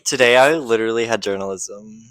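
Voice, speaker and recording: A woman's voice: very deep voice, fairly quick, no room sound. Sassy young woman, dry close sound. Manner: sassy, mimics people's speech. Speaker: podcast co-host. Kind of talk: casual chat.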